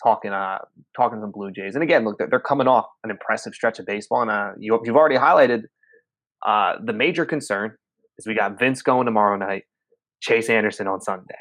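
A man hosting a casual sports podcast, talking in quick, energetic, opinionated run-on sentences. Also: lowish voice, no echo. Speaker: podcast host.

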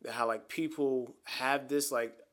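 A man's voice: medium pitch, steady tone, a little slow, a bit bright. A man co-hosting a podcast, chiming in with short additions and explanations in casual chat. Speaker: podcast co-host.

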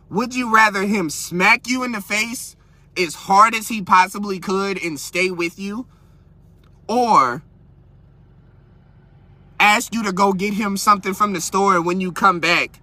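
A young man hosting a podcast, ranting in a crude, animated, comedic way and asking his listeners one rhetorical question after another. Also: sits high, dry recording. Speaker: podcast host. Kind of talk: casual comedic rant. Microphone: podcast mic.

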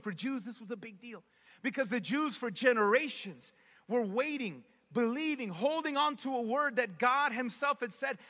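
Male pastor, high bright voice, conversational preaching, long reverb of a hall. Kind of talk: sermon.

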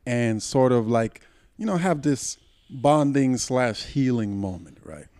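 A man's voice: medium pitch, animated, slow, darkish tone, no echo. Heated profane man telling a story. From Puerto Rico. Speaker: podcast co-host. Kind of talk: casual storytelling chat.

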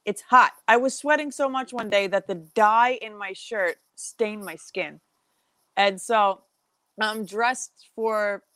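A woman co-hosting a casual podcast chat, telling stories in a lively, chatty way. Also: mid-range voice, dry recording. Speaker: podcast co-host.

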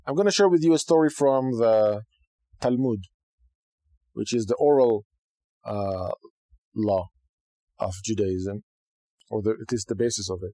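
A man's voice: fairly low pitch, measured pace, long pauses, no room sound. Dry-voiced man teaching casually. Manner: conversational, animated, frequent okay and right asides. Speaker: podcast host teaching Judaism.

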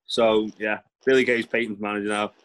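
A man's voice: lowish voice, little pitch movement, fairly quick, a bit bright, clean tone. A young man co-hosting a casual chat, recapping matches in a blunt, laid-back, sweary way. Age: young adult. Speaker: podcast co-host.

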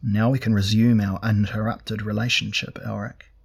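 Silky scheming woman, soft, low, husky, read by a man. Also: little pitch movement, normal speed.

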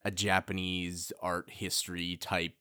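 A young man with a very low voice and a bright, forceful tone, explaining things in a relaxed podcast chat. He often stops and restarts his sentences while he sorts out his thoughts, and the recording is close and dry. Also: measured pace, clear, resonant tone, no echo. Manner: knowledgeable, explains with hesitant restarts. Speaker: podcast co-host. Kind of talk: casual chat.

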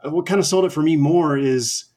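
A man's voice: on the high side, fairly quick, a little mellow. A man co-hosting a casual wrestling chat, easygoing and telling stories with fillers. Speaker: podcast co-host.

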